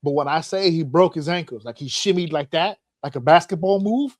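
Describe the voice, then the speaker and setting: A man's voice: a little high, a little fast, dry recording, studio quality. A man hosting a podcast, telling funny stories in casual chat and acting out voices, laughing often. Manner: animated storyteller, acts out voices, laughs often. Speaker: podcast host.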